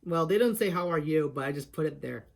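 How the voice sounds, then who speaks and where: A man casually explaining how to do a voice impression, rambling, halting and eager, with many restarts. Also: a little high, lively intonation, gravelly. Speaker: host of an impression tutorial. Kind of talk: casual tutorial talk.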